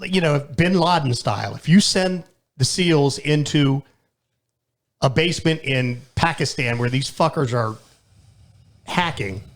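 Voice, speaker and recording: A man co-hosting a casual podcast chat, blunt and profane, quick to laugh. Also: fairly high pitch, animated. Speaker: podcast co-host.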